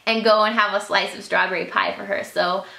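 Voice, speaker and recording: In an echoey room, a beauty vlogger opens up to camera in a sincere, emotional, earnest talk. Her medium-pitched voice is creaky and sharp, fairly quick, with fairly even intonation.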